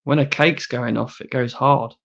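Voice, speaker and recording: A man's voice: mid-range voice, fairly even intonation, normal speed, creaky, a bit bright, lo-fi sound. A man co-hosting a podcast, chatting in a dry, teasing way and laughing often. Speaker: podcast co-host. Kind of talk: casual chat.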